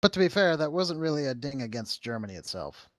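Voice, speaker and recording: A man's voice: on the high side, big pitch swings, fast, no room sound. Wry, joking man, dry recording. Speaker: talk show co-host. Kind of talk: casual chat.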